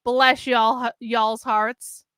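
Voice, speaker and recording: A woman's voice: on the high side, little pitch movement, drawn-out words, pushed and bright, clear, resonant tone, no room sound, clean studio sound. A tipsy woman hosting a casual livestream, swearing and teasing her viewers, slipping into a mock Southern drawl. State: tipsy from drinking beer. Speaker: livestream host.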